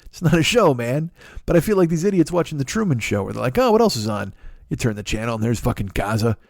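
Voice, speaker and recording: A man's voice: mid-range voice, fast talker, vocal fry, no room sound. A man in his forties riffs through a comedic monologue, profane and full of tangents. His voice sits in the middle range. The sound is dry and close to the mic, with no room around it. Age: 40s. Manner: profane, rambling, animated asides. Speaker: podcast host.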